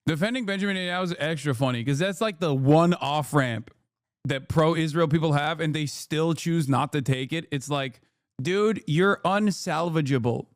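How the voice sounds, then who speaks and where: High-voiced man ranting on stream. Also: moderate pace, no room sound, studio quality. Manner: animated, swearing, laughing, mocking. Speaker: streamer reacting to a clip. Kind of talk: profane live-stream reaction rant.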